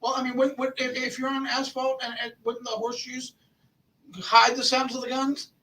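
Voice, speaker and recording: A man co-hosting a podcast, quipping fast with quick movie references in casual chat. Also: extremely high pitch, completely flat delivery, bright, forceful tone, recorded from a distance, poor audio. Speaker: podcast co-host.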